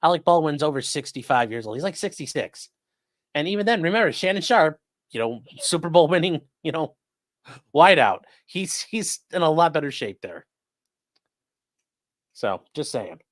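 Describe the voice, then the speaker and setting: A man's voice: on the high side, lively intonation, moderate pace, dry recording, clean studio sound. Sarcastic man hosting a livestream. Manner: sarcastic, rambling, talks to chat. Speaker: host of a live-streamed legal news show. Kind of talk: casual livestream commentary.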